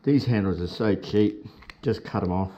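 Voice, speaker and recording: Despite poor audio and slight background noise, this motorcycle vlogger's mellow, lowish voice comes through at normal speed. Hiccuping along, he chats cheerfully while walking through each step of a motorcycle job in a casual how-to.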